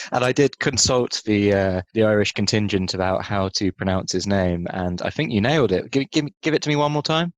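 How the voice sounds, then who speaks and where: A man co-hosting a casual film podcast, wry and quick to laugh, who drifts into tangents. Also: on the low side, no echo. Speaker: podcast co-host.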